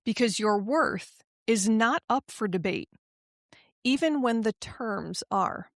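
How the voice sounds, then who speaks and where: A woman hosting a motivational podcast, speaking in an emphatic, affirming way that turns halting and emotional when she gets personal. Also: fairly high pitch, animated, no room sound, studio quality. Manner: slow, emphatic, affirming delivery. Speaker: podcast host and life coach.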